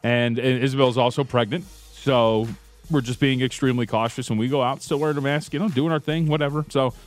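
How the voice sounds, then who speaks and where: A man's voice: medium pitch, steady tone, fairly quick, soft background music. A man co-hosting a sports radio show, laughing easily and talking in long run-on thoughts. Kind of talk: casual sports talk.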